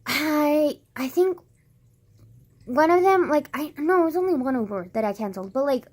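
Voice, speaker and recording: A woman's voice: high-pitched, moderate pace. A young woman telling a rambling story in a casual vlog, full of "like" and swearing, acting out what people said. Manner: rambling, heavy use of "like", swearing; animated retelling with quoted dialogue.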